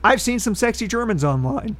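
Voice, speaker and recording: A man's voice: sits high, big pitch swings, fairly quick, a bit bright. A man co-hosting a podcast, reading out a history segment in casual chat and adding wry political asides. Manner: reads historical facts, then adds wry political asides.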